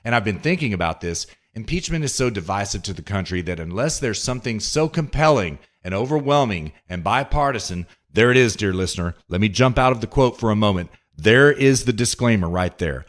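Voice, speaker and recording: A man's voice: lowish voice, animated, fairly quick, hardly any pauses. A man hosting a political commentary podcast, reading news excerpts aloud and reacting with sarcastic indignation. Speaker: podcast host.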